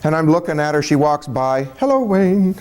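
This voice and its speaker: A man's voice: a little high, flat delivery, a little fast, noisy background. A man telling a personal story in a folksy, casual way, chuckling and acting out the dialogue as he goes.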